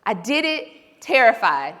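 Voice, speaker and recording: Woman, lively keynote storyteller, forceful bright voice, hall echo. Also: fairly high pitch, measured pace. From Oklahoma. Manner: animated, storytelling, talks to the audience directly. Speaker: keynote speaker. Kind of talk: motivational keynote speech. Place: large hall. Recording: reverberant event hall.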